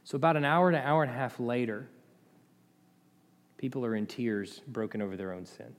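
A man preaching a sermon as pastor, passionate, rising to loud emphatic peaks and dropping to low, quiet asides. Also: fairly quick. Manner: impassioned, swings between loud and quiet. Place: church sanctuary. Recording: long hall reverb.

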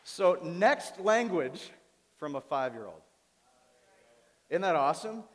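A man preaching a sermon as pastor, animated, often turning to his congregation with questions. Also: a little high, slow pace, pauses often, some chatter behind. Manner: animated, asks the audience questions. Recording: reverberant hall.

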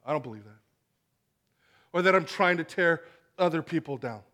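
Animated high-voiced male pastor preaching. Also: normal speed. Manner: animated, acts out voices in stories. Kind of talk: sermon. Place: church hall with congregation.

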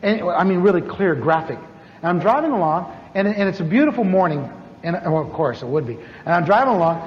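A man preaching a sermon as a story, animated and acting out the voices of the people in it. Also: fairly quick. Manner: animated, acts out dialogue with big pitch swings. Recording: echoey hall, dull lo-fi sound with faint noise.

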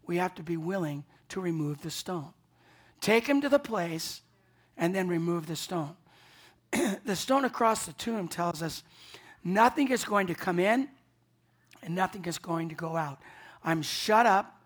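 A man's voice: sits high, animated, measured pace, long pauses. Pastor, male, Easter sermon; earnest, emphatic delivery with restarts and repeated words. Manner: earnest, emphatic, repeats himself when building a point.

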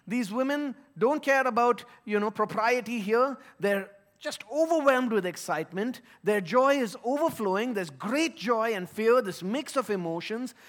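Man, pastor, emphatic sermon, high-pitched voice. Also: fairly bright tone. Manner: earnest, emphatic preaching.

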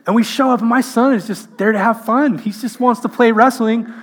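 A man's voice: very high-pitched, fairly even intonation, brisk. A middle-aged man preaching a sermon, telling funny self-mocking family stories before landing an earnest point. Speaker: pastor.

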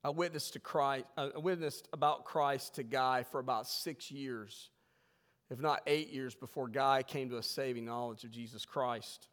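A man preaching a sermon to his congregation, emphatic, swelling loud and then dropping low. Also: fairly even intonation, moderate pace, long reverb tail. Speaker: pastor. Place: church sanctuary.

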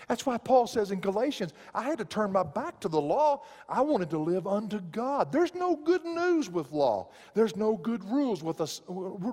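A male pastor preaching a sermon, swinging from loud emphatic lines to hushed quiet ones. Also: high-pitched, big-room sound.

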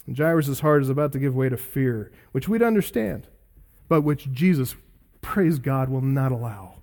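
A middle-aged man, a pastor, preaching a sermon in an earnest, emphatic way with dramatic pauses. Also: mid-range voice, lively intonation, a little mellow.

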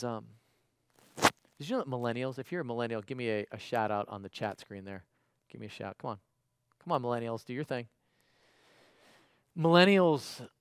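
A man delivering a livestreamed sermon in a mid-range voice, talking to listeners like a friend before dropping into a low, earnest plea. The sound is dry and close, with no room around it. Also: clear, resonant tone, no echo. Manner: conversational and emphatic, swinging between loud exclamations and quiet pleading. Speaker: preacher.

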